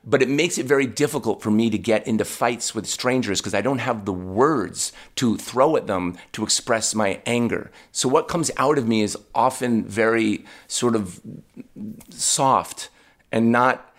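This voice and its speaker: A man guest on a podcast, telling a story about himself in a casual, animated, self-deprecating way. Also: mid-range voice, a little slow.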